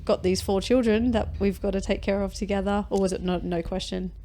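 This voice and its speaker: Woman podcast host, quick talker, mellow voice, casual interviewer. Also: mid-range voice, steady tone. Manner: quick, encouraging questions.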